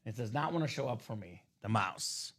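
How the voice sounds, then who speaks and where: A man with a lowish voice, speaking at normal speed, hosts a live trading card break stream and chats with his co-host. Animated, he explains the rules to viewers in chat while coughing and losing his voice during the sales-focused stream.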